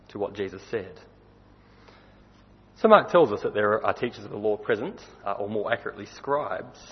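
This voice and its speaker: A man's voice: on the low side, breathy edge. A man preaching a sermon in a conversational way, putting questions to his listeners. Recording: dull recording with long hall reverb.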